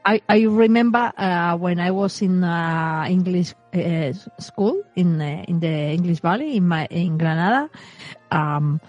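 A speaker in a casual chat talks slowly and hesitantly, searching for words as a language learner. Soft music plays faintly behind. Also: mid-range voice, lo-fi sound. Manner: slow, hesitant, halting phrasing.

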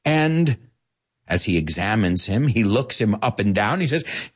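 A man teaching English to Spanish speakers, animated, explaining and repeating words as he goes. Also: fairly low pitch, measured pace, slightly rough. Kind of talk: bilingual language lesson.

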